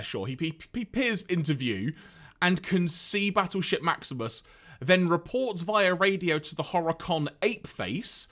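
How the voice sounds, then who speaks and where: Male podcast co-host, lively rising-and-falling voice, upbeat recap, reads lines aloud. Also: fairly high pitch. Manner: animated storyteller, reads out lines, laughs often.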